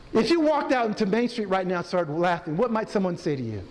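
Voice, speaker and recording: A chaplain leading a laughter yoga workshop, coaching the audience through breathing and demonstrating laughter in a hotel event room. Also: male voice, sits high, animated, fairly quick, slight background noise. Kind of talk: interactive workshop talk. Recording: long hall reverb, faint ambience.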